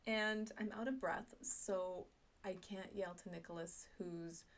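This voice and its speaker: A middle-aged woman telling a personal story, self-mocking and animated, acting out her own thoughts. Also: lowish voice, unhurried. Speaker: speaker sharing a personal story.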